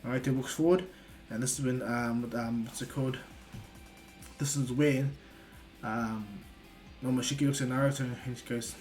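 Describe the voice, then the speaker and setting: A man's voice: mid-range voice, steady tone, moderate pace, pauses often, a little mellow, soft background music. Rambling male storyteller. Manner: rambling, many fillers. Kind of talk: casual story retelling.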